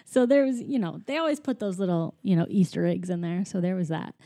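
A woman's voice: on the low side, dark tone, no room sound, studio quality. A woman recapping a movie in a casual chat, full of "like" and "you know", often giggling.

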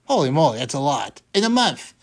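A man's voice: fairly high pitch, big pitch swings, a little fast. A man hosting a talk radio show, speaking in a wry, sarcastic monologue, repeating lines for emphasis and dropping folksy exclamations.

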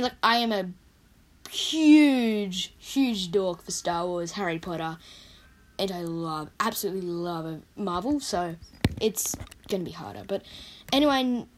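A young woman with a croaky voice, rambling in a casual vlog about her favourite movies and correcting herself often. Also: medium pitch, moderate pace. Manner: rambling, chatty, self-correcting. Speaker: vlogger. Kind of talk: casual movie countdown chat.

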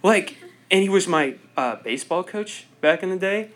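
A man's voice: high voice, expressive, moderate pace, a bit bright, rough recording. A young man giving an informal speech to a group. He rambles, fills his sentences with "like," and laughs at his own jokes. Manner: rambling, self-deprecating, laughs often; heavy use of "like" filler.

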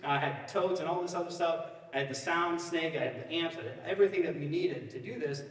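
A man's voice: a little high, brisk. A middle-aged man, a pastor, preaching a sermon full of personal stories, casual and joking, often checking in with the crowd. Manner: casual, joking, often asks the crowd "you know what I mean?". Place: church sanctuary. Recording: echoey church hall, mic at a distance.

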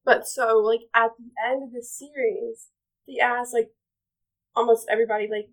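A woman in casual chat with a friend, blunt and quick to chime in. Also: a little high, steady tone, low-quality recording.

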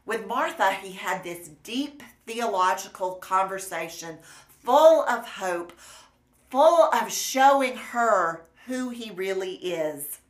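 A woman preacher delivering a sermon in an earnest, measured and gently emphatic way. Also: mid-range voice, expressive. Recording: roomy echo.

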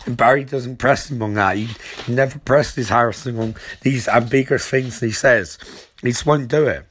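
A man recapping a TV episode as comedy, rambling with stumbling repetitions and crude jokes. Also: mid-range voice.

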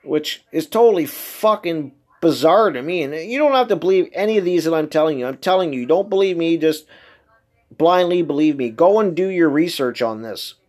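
A man's voice: fairly high pitch, animated, normal speed, darkish tone. A man hosting a casual solo podcast monologue, talking emphatically and incredulously, with heavy swearing. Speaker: podcast host.

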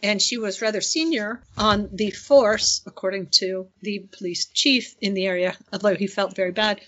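A woman's voice: medium pitch, fairly even intonation, moderate pace, few pauses, a bit bright, highs cut off. A woman in casual podcast conversation with a wry, sardonic tone.

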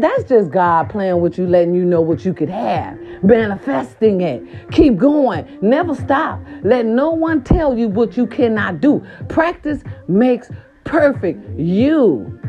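A woman vlogger telling a story and then giving a pep talk, animated and profane, slipping into quoted voices. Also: mid-range voice, unhurried. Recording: dull lo-fi recording with faint music.

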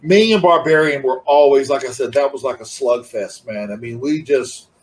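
A man's voice: medium pitch, normal speed, low-quality recording. A middle-aged man talking casually as an interview guest, rambling and laid-back, with many restarts. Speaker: interview guest, former wrestler.

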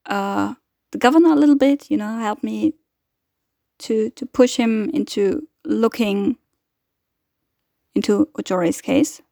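A woman hosting a weekly podcast update, speaking in a hesitant, halting way with many fillers and restarts. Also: mid-range voice, a little mellow, dry recording, studio quality. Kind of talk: casual spoken appeal.

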